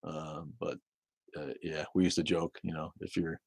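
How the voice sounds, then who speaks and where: A man with a low voice chats casually to his livestream audience. He rambles, swears freely and sounds sardonic, stumbling over restarts and fillers. The sound is dry and close to the mic. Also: flat delivery, normal speed, gravelly, a little mellow, breathy edge, dry recording. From Maine, USA. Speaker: livestream host reading viewer comments. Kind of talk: casual ranting livestream chat.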